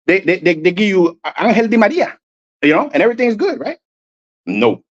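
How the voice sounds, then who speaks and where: A man's voice: sits high, wildly swooping pitch, brisk, highs cut off. A man preaching fiercely over video clips, swearing freely and often stumbling over repeated words. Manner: heated, profane, repeats and restarts words. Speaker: street preacher.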